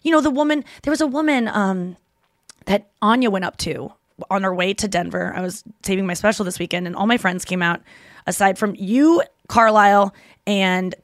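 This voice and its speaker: A woman's voice: medium pitch, moderate pace, dry recording, studio quality. A woman in her thirties hosting a podcast, chatting casually and retelling stories with quoted voices. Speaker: podcast host and comedian.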